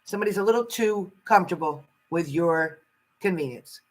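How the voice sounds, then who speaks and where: A woman's voice: fairly low pitch, moderate pace, rough recording. A woman giving a casual live-stream tarot card reading, chatty and salty, greeting viewers fondly and swearing freely.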